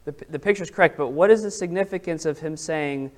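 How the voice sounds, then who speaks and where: A man's voice: on the high side, fairly quick, a little mellow. A man leading an interactive Bible study, talking casually and asking the group questions. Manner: conversational, asks the group questions.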